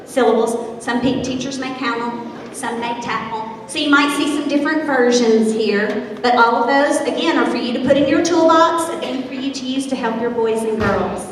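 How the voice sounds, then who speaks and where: A high-voiced woman, a kindergarten teacher, addresses parents at a school celebration in an upbeat, encouraging way. She is recorded from far off in a big echoey hall. A faint hum sits behind her. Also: moderate pace. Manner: upbeat, leading children in call-and-response drills. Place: school gathering space.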